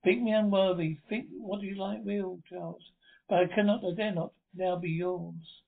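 A man's voice: sits high, fairly even intonation, moderate pace, gravelly, slightly rough, full character voice. A man reading the part of a terrified young woman, despairing and pleading. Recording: tinny phone-like audio.

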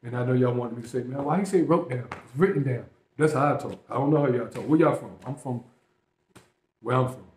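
Casual reaction host, male, slangy and emphatic, mid pitch, echoey room. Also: a little fast, darkish tone, a little hiss or hum. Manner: slangy, emphatic, talks straight to viewers.

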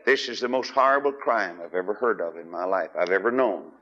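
A man preaching a sermon, emphatic and questioning his listeners, with big swings in loudness. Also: sits low, a little fast. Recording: dull lo-fi archive recording.

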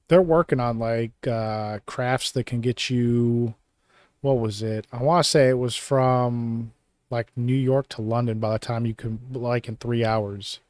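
A man's voice: medium pitch, a little mellow, dry recording. Rambling, joking male podcast host. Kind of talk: casual chat.

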